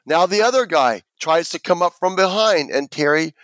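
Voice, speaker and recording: A man tells a story with animation and acts out the quoted voices as he goes. His voice sits a little high for a man, and the sound is dry and close to the mic, with no room echo. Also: lively intonation, moderate pace, a bit bright. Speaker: interview guest.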